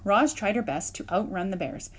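Female reader for a children's chapter book, lively and expressive, mid-range voice. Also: medium pitch, normal speed, slightly rough. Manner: expressive, lively narration with voiced sound effects. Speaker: audiobook reader. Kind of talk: storybook read-aloud.

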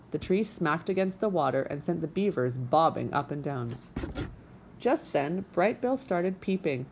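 Woman reading a kids book, kinda low voice, faint hiss behind. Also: lively intonation, unhurried, a little mellow. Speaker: audiobook narrator. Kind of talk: scripted storybook narration.

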